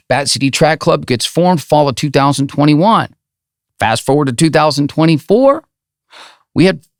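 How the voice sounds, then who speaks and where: A man's voice: on the high side, no room sound, studio quality. A middle-aged man hosting a podcast as a running coach, giving an emphatic, rambling motivational monologue full of tag questions like "right?".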